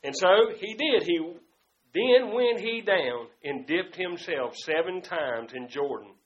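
Preacher guy, high voice, gets loud then real quiet, muffled lo-fi recording. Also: lively intonation, takes it slowly, echoey room. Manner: fervent, swings between loud outbursts and hushed asides. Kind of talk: sermon. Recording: dull lo-fi sound.

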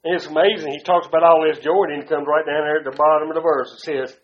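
A man preaching a sermon to a congregation, swinging from loud to hushed and calling out to the room. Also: fairly high pitch, steady tone, fast, reverberant, highs cut off. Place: church before a congregation.

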